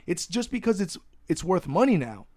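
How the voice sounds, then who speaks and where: Animated, ranting young man, fairly high voice. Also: normal speed. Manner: ranting, animated, swears freely. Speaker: podcast host. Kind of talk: casual podcast chat.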